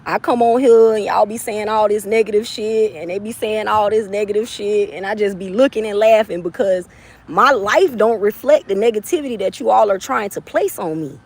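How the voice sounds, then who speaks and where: A woman's voice: mid-range voice, moderate pace, a little mellow. A woman from the Southern US chatting casually with her viewers, brash and playful, laughing often and swearing freely. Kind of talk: casual livestream chat.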